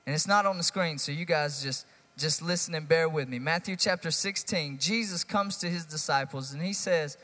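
Brief: middle-aged male pastor, slightly high voice, animated sermon delivery, long reverb tail. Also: normal speed. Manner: animated, conversational preaching with rising emphasis.

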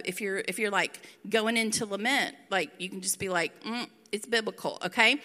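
A woman's voice: a little high, bright, forceful tone. A middle-aged woman giving a casual, chatty sermon with playful asides. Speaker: pastor. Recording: reverberant hall.

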